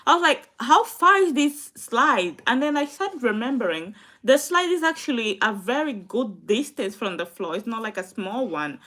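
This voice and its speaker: Bright, fairly high young woman, emotional venting chat, fighting back tears. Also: animated, moderate pace, hardly any pauses. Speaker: vlogger.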